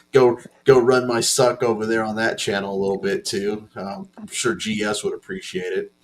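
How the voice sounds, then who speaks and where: Male stream host, lower voice, informal and chatty. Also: level tone, moderate pace, a little hiss or hum. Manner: chatty, informal, loose filler-heavy introductions. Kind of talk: casual live-stream hosting.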